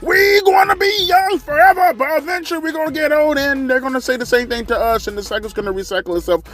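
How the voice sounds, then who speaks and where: A man voicing a young male viewer who shouts mocking lines at an older fan. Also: very high voice, fast talker, voice pushed up.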